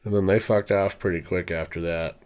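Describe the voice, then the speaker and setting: Male podcast co-host, low voice, easygoing and teasing, short replies. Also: fairly even intonation, brisk, darkish tone, clear, resonant tone. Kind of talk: casual chat.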